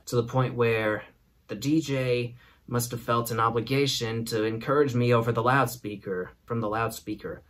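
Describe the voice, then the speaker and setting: A man's voice: mid-range voice, fairly even intonation, moderate pace, fairly bright tone, a little hiss or hum. A man hosting a show, telling a comic story and laughing through it. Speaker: host. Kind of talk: comedic storytelling.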